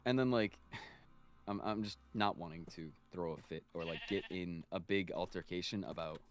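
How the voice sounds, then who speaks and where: A man's voice: deep voice, normal speed. A man in his twenties, swearing freely as he tells an exasperated story in a casual chat while gaming. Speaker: streamer's guest.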